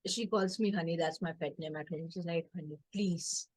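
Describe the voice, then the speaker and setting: A woman's voice: lowish voice, brisk, a little mellow, dry recording, poor audio. A woman coach hosting an online workshop, chatty and jokey, acting out family members with big swings in her voice. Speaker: coach and community host. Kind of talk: casual workshop chat.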